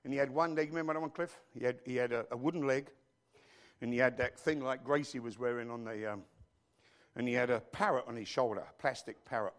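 A man preaching a sermon as pastor, animated and joking, with frequent asides to his congregation. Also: mid-range voice, brisk.

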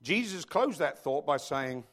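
Lively, animated male pastor preaching. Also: on the high side, unhurried. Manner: animated, joking preaching with audience asides. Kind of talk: sermon.

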